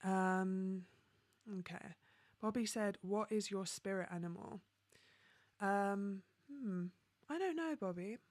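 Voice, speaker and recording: A woman from London, hosting a casual livestream, reading viewer comments and chatting in an upbeat way, laughing often and filling pauses with ums. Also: mid-range voice, a little mellow, no room sound. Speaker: livestream host.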